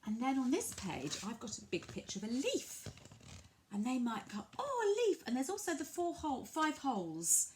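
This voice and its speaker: A woman's voice: fairly high pitch, big pitch swings, brisk, slight background noise. Patient English woman guiding parents. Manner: gentle, patient, repeats words in a bright sing-song voice when modelling for children. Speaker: family centre early language worker. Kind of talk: instructional talk to parents, demonstrating a picture book.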